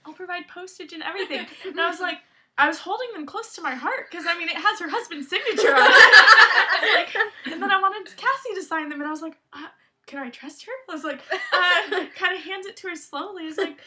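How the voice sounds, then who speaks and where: A young woman co-hosting a casual chat, telling a story in an excitable, giggly way. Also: very high voice, a little fast, heavy background noise. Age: young adult. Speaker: podcast co-host.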